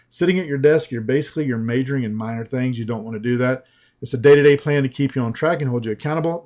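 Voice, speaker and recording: A man giving an emphatic sales pitch presentation, using short, repeated punchy phrases, with a slightly scratchy throat. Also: darkish tone. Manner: punchy, repetitive, emphatic selling.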